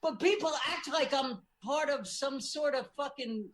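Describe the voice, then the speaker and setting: A man's voice: very high-pitched, a little slow, a loud crowd. A middle-aged man from Brooklyn, a comedian guesting on a podcast, telling stories wryly and swearing casually. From Brooklyn, New York. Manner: wry storytelling, swears casually.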